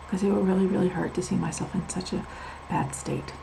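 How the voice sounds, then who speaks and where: A woman with a gravelly, creaky voice confides her own story to the camera. She talks candidly, leaning on repeated words for emphasis. She wanders onto side tangents before pulling back to the point. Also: medium pitch, steady tone, fast, few pauses, mellow, slight background noise, rough recording. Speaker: vlogger sharing her medical experience. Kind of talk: personal storytelling vlog.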